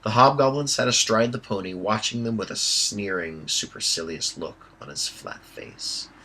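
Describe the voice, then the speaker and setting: A man reading an audiobook aloud in a steady storytelling voice. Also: fairly low pitch, moderate pace, rough recording. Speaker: audiobook reader. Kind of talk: amateur audiobook narration.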